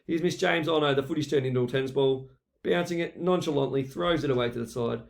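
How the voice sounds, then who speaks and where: A man's voice: medium pitch, fast, vocal fry. A man giving playful, teasing mock football commentary over a video as a voice-over.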